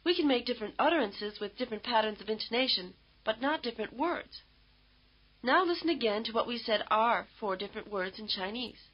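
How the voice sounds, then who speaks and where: Woman, course narrator, scripted and measured, somewhat high voice, muffled old tape sound. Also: animated, husky. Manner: measured, explanatory. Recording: dull lo-fi tape audio.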